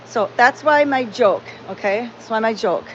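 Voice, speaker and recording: A woman's voice: fairly high pitch, normal speed. A woman hosting a live stream about her cat sanctuary, rambling and heartfelt, greeting viewers by name. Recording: dull lo-fi sound with faint background noise.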